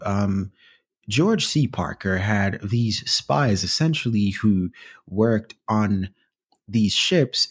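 Male co-host, casual history chat, husky voice with lots of up and down. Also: lowish voice. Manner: rambling, many fillers, laughs easily. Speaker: podcast co-host.

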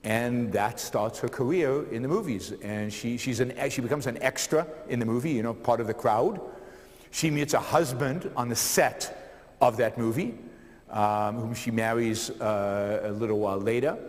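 A man's voice: mid-range voice, normal speed. A man giving a public lecture to a live audience, telling a life story energetically, with many fillers and repeated words. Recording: long hall reverb.

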